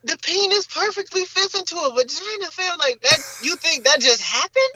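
A young man with a high, bright voice, talking fast and loose in a casual podcast chat. He is animated and slangy and repeats his filler words. The sound is dry and close. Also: no room sound, poor audio. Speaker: podcast co-host.

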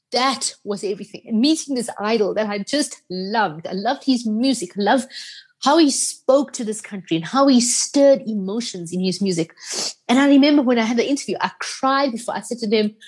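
A woman's voice: a little high, breathy edge. A South African woman from Durban, a radio presenter, telling heartfelt stories in an interview and acting out the quotes. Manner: heartfelt, animated retelling with acted-out quotes. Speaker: radio presenter, podcast guest. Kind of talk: emotional interview storytelling.

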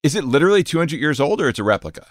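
A man's voice: fairly high pitch, very animated, rapid-fire, no echo. Wry male podcast host, dry sound. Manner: wry, teasing interviewer. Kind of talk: casual podcast interview.

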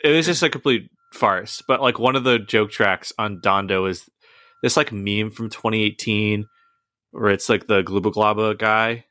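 Low-voiced guy with a punchy bright tone, rambling podcast chat, dry close sound. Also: dry recording. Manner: rambling, animated storyteller with quick asides and restarts. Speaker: podcast co-host. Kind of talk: casual podcast chat about movies.

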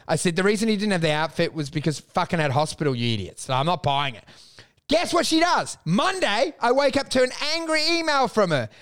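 A middle-aged man spins a rambling story in casual banter, his voice sitting high. He swears freely and lurches into the voices of the people he quotes. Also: very animated, brisk, a bit bright. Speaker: podcast co-host.

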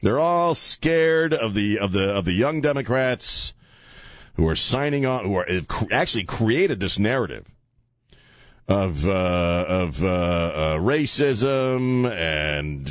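A man's voice: lowish voice, slow pace, no echo. A man from Louisiana hosts his talk radio show in a dry, close studio sound. He rants bluntly and rambles, his voice jumping up and down as he gets worked up. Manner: blunt, rambling, animated, swings loud. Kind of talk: opinionated talk radio monologue.

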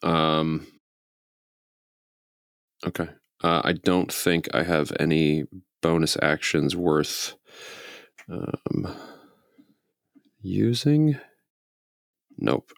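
A man with a very deep, gravelly voice talks through his turn in a tabletop game. He is relaxed and fills his pauses with ums while he thinks aloud. The recording is dry and close. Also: dry recording. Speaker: player. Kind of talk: casual tabletop game chat.

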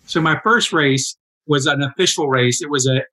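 A man in his sixties telling stories in a casual interview, animated and acting out quoted dialogue. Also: fairly high pitch, normal speed, rough recording. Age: 60s. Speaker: interview guest, endurance athlete.

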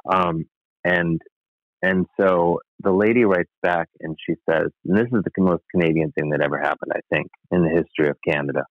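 A low-voiced man from the United States, talking at normal speed with fairly even intonation, shares a rambling, wry anecdote as a podcast guest. Lots of asides; the recording is dry and phone-thin.

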